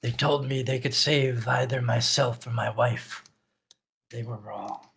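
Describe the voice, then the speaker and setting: A man voicing a brooding male rogue in a tabletop game, in a low growling mumble. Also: fairly even intonation, moderate pace, a little mellow, husky, close to an everyday voice. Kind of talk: tabletop role-play.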